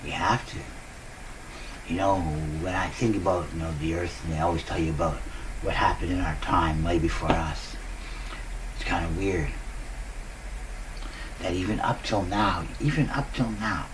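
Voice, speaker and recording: Giggly low-voiced man rambling. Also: normal speed, long pauses, far from the mic, background noise. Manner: giggly, upbeat, laughs often. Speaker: vlogger. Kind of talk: casual rambling monologue. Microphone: new cheap desk microphone.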